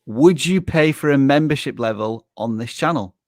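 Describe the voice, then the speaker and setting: A man's voice: medium pitch, moderate pace, a little mellow, no room sound, studio quality. A man from Yorkshire with a Yorkshire English accent, co-hosting a live Q&A chat in a frank, opinionated way. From Yorkshire, England. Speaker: co-host.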